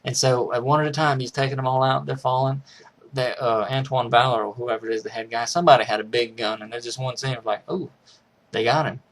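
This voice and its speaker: A man's voice: mid-range voice, flat delivery, fast. A man casually recapping a movie's plot in a rambling way, restarting sentences and chuckling as he goes. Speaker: movie reviewer.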